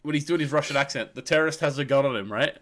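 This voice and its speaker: A man co-hosting a casual film podcast, retelling movie scenes in a rambling, animated way with lots of restarts. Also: on the high side, racing. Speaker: podcast co-host.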